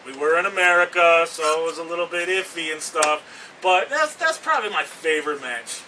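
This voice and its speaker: A boastful man delivers a wrestling promo interview with a high, piercing, tense voice. He trash-talks with swagger. The mic sits some way off, with a faint hiss behind him. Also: lively intonation, normal speed, bright, forceful tone. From Canada. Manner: cocky, boastful, trash-talking. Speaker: pro wrestler. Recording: distant mic with background noise.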